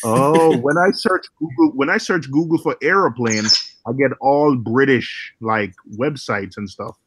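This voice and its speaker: Caribbean-raised man, casual chat, animated, dry close sound. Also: medium pitch, unhurried, no room sound. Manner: animated, argumentative, laughing. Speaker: chat participant.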